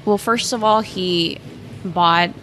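A woman's voice: lowish voice, takes it slowly, fairly bright tone, faint music behind. A young woman from Mexico, the owner's daughter, chatting about her family's restaurant with lots of "like" and "um". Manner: chatty, frequent "like" and "um". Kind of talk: casual interview.

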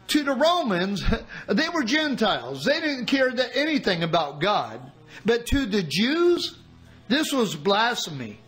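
A man preaching a sermon, reading scripture aloud and explaining it with dramatic pauses. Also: sits high, fairly bright tone, rough recording. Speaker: pastor.

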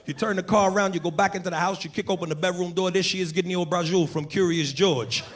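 A boisterous, brash old-school Italian-American man with a thick New York Italian accent. He talks loud and pitched high, as a comedian puts him on in a stand-up bit. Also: steady tone, quick pace, slight background noise, close to an everyday voice.

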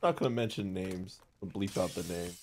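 A man streaming a shooter game with friends, talking casually with loud playful outbursts and frequent laughter. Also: sits low, fairly quick, crowd noise. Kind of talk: casual gaming chat.

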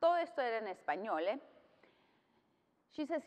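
A middle-aged woman with a high voice gives a personal speech. She opens a policy panel and tells a family story, now and then slipping into Spanish phrases. Her voice carries a long reverb from a large conference hall. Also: sing-song, brisk, long pauses. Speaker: congresswoman moderating a policy panel.

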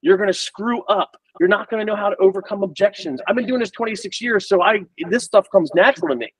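A middle-aged man speaking in a fairly high voice, talking fast and energetically as he acts out both sides of sales calls. He sits a bit back from the mic on a video call. The sound is dry, with no room echo. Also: slightly rough, far from the mic. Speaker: recruiter. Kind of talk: casual explanatory talk on a group call.

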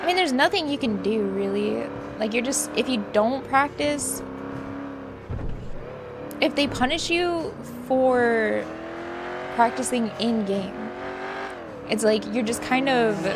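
Woman streamer, slightly high voice, chatty and profane, with car and engine noise from the game behind her. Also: animated, slow pace, pauses often. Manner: chatty, swears freely, loose rambling sentences. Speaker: streamer playing a role-play game. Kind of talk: casual chat while gaming.

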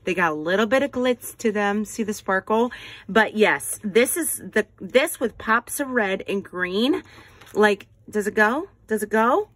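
A woman, chatting casually in a haul video, gushing and folksy and quick to poke fun at herself. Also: medium pitch, a little hiss or hum. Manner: gushing, folksy, excitable, self-deprecating. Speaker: haul vlogger.

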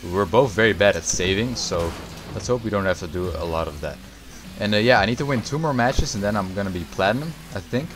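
A young man commentating his own gameplay, excitable and foul-mouthed, shouting at big plays and griping about teammates. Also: lowish voice, fairly quick, over music. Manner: excitable, swears often, yells at big plays. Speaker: gaming YouTuber.

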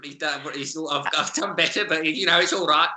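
A man's voice: fairly high pitch, a little fast, roomy sound, a crowd in the background, natural voice. A man voicing a cackling old crone woman who hurls silly curses, swinging between cooing and snapping over a video call. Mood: cackling, cursing. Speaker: comedy club co-host. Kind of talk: improvised comic character bit.

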